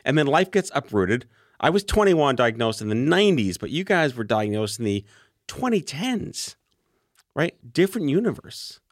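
A man's voice: mid-range voice, big pitch swings, a little fast, dry recording, studio quality. A man in his forties hosting a podcast, asking questions in a joking, playful way. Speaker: podcast host. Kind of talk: casual interview chat.

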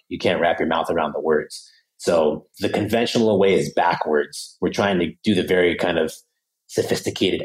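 Brief: man, low voice, podcast guest, lively demonstrative explainer. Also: low-quality recording. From Pennsylvania, USA. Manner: animated, acts out phrases in other voices. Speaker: podcast guest, language teacher. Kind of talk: casual interview talk.

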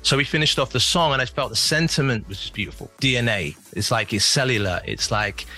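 A man's voice: mid-range voice, expressive, fairly quick, sharp tone, faint music behind. A male musician guest chatting in an interview, reflective and rambling with many restarts. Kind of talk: casual interview chat.

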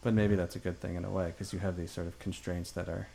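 A man's voice: low voice, level tone, fast talker, vocal fry, warm tone, slight background noise. A man hosting a podcast, asking curious questions and offering brief encouraging interjections. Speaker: podcast host. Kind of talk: casual interview.

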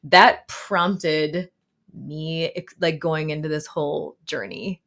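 Brief: woman in her 30s, therapist guest, lowish voice, thoughtful and unhurried, lots of "um"s. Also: fairly even intonation. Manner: warm, reflective, with frequent fillers and soft laughs. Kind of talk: casual interview conversation.

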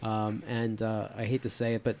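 A man's voice: fairly low pitch, monotone, moderate pace, a little mellow. Rambling middle-aged man hosting. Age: 50s. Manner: rambling, many restarts and fillers. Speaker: podcast host. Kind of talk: casual chat.

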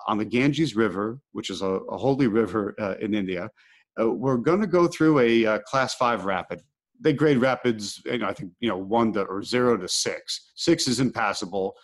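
Middle-aged male host, casual storyteller, animated, mid-pitched voice. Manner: animated, acts out his own inner thoughts. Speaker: podcast host.

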